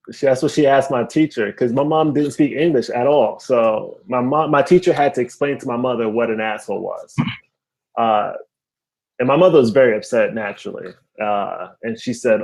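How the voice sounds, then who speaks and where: A young man whose family comes from Haiti does stand-up on a video call, cracking himself up while he tells lively stories. His medium-pitched voice is creaky and moves at a normal pace.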